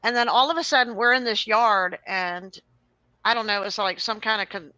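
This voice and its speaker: A woman hosting a casual chat, telling a long rambling story in an animated way. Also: medium pitch, moderate pace, dry recording, muffled recording. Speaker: host.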